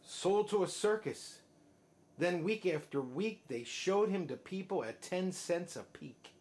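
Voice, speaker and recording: A father reading a rhyming picture book aloud, sing-song and dropping soft at line ends. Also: sits high, expressive, unhurried. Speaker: father reading to his child.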